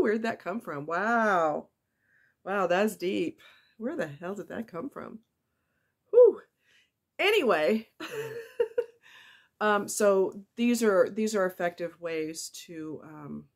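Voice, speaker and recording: A woman vlogger talking straight to her viewers in a casual, heartfelt and confiding way, with chatty asides. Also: on the low side.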